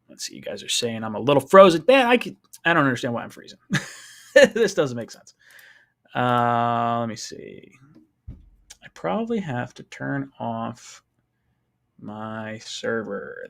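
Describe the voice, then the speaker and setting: A man hosting a live fan call-in stream, talking casually in an animated, rambling way with many restarts. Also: mid-range voice, vocal fry.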